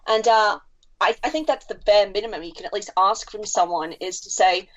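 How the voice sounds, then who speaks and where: A woman's voice: mid-range voice, normal speed. Chatty woman, lo-fi podcast sound. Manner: chatty storyteller, swears freely. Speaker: podcast co-host. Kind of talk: casual podcast chat. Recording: dull lo-fi sound.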